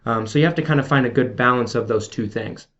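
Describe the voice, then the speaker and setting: A man's voice: mid-range voice, quick pace, a bit bright. A man giving a casual video sales training, coaching viewers in a chatty way with frequent check-ins and fillers. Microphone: camera video. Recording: slightly dull lo-fi audio.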